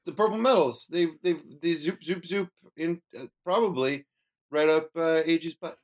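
A man's voice: a little high, normal speed. A man co-hosting a casual podcast recap, joking and riffing playfully. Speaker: podcast co-host. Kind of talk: casual chat.

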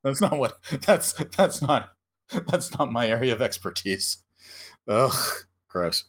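Lively giggly man recapping a film. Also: mid-range voice. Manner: laughs often, mimics characters in quick asides. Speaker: podcast co-host. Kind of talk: casual movie recap chat.

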